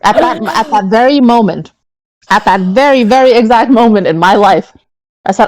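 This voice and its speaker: A woman co-hosting a podcast, telling an animated, profane story in casual chat. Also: fairly high pitch, moderate pace, poor audio. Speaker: podcast co-host.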